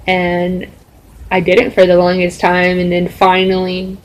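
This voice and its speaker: A woman's voice: fairly low pitch, completely flat delivery, takes it slowly, poor audio. A young adult woman telling a story in a casual, rambling vlog style, full of fillers. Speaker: vlogger.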